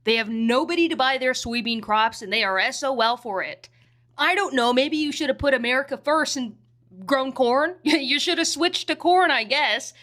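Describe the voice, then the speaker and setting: A woman's voice: sits high, moderate pace, fairly bright tone. A woman giving sarcastic political commentary in a scornful, mocking manner.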